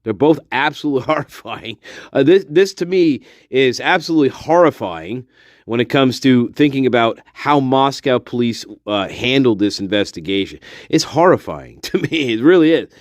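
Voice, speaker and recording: A man's voice: medium pitch, lively intonation, normal speed, no room sound. A male true-crime channel host giving profane, exasperated, emphatic ranting commentary.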